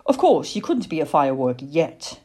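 A woman's voice: deep voice, sing-song, moderate pace, dark tone, breathy edge, full character voice. A woman reading a storybook and voicing an eager, chatty little boy. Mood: excited. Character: excited little human boy.

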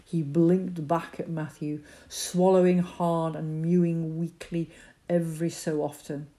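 A woman narrating a children's story in a calm, measured reading voice. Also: low voice.

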